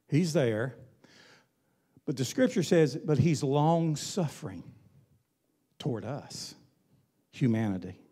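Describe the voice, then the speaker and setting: A man's voice: mid-range voice, warm tone. A male pastor preaching a sermon in an emphatic, folksy way, with colloquial asides.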